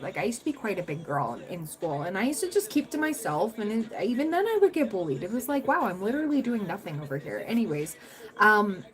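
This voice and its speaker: A woman's voice: a little high, poor audio. A young adult woman hosting a tarot livestream, chatting casually with viewers, rambling through stories and laughing often.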